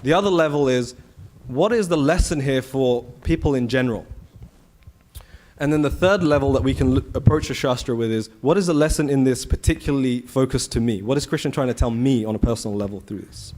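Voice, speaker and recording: A man giving a conversational scripture class at a temple, telling the story with rhetorical questions and animated asides. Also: mid-range voice, a little fast. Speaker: temple speaker. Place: temple hall.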